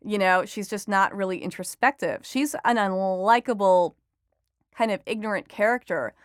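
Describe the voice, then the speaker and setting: A young adult woman talking on a podcast as a reporter guest, chatty and lively in her asides. Her voice is smooth and clear, at a medium pitch, and the recording is dry and close. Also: no room sound. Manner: chatty and enthusiastic, quick asides with laughter. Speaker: entertainment reporter and author guest. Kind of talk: podcast interview.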